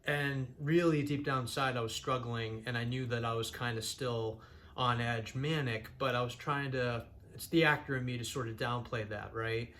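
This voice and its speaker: A man's voice: mid-range voice, fairly even intonation, moderate pace, fairly bright tone, slight background noise. A young man from Massachusetts, telling his own story in an earnest, rambling way with frequent restarts. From Massachusetts, USA. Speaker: channel host sharing his own story. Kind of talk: candid personal storytelling.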